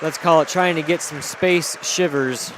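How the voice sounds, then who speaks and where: A man's voice: fairly high pitch, steady tone, a little slow, a crowd in the background. Analytical color commentator man, noisy gym. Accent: Michigan. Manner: coach-like explaining of plays, easy chuckles. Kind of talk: live basketball analysis. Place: high school gym. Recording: gym ambience, bouncing ball noise.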